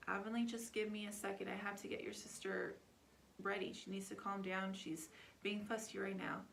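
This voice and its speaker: A woman's voice: medium pitch, level tone, vocal fry, fairly bright tone, a little hiss or hum. Woman quoting her stressed, stern husband. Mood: flustered, placating. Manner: hurried, firm and fatherly. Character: stressed dad at a kids' ballgame.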